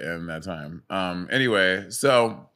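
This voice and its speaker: Casting note: a man, bright-voiced campy co-host, excitable and quick to laugh, remote call mic. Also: low voice. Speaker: podcast co-host. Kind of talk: casual recap chat. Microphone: remote video call mic.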